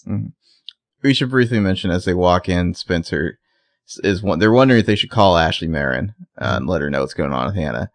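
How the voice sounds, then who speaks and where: A man with a deep, low voice talks through a TV episode in loose, rambling podcast chat, laughing now and then. The recording is dry and close, with no room sound. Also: animated, fairly quick, no room sound. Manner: rambling, conversational, laughs often. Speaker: podcast co-host. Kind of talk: casual TV episode recap chat.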